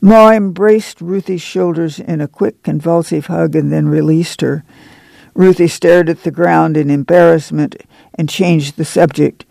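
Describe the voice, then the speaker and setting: A man narrating a novel in a measured, plain storytelling manner. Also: on the high side, steady tone, creaky, dark tone, no echo. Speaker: audiobook narrator. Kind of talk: scripted narration.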